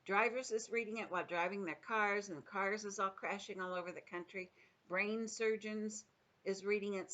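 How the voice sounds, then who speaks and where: An older woman, a grandmother, reading a children's book aloud with expressive storytelling, dipping into the characters' voices. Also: lowish voice, dull audio.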